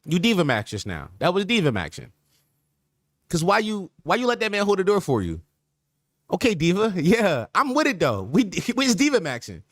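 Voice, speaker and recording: High, animated man riffing on stream. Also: normal speed, no room sound, clean studio sound. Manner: animated, repetitive riffing with slang. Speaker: podcast host. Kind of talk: casual streaming chat.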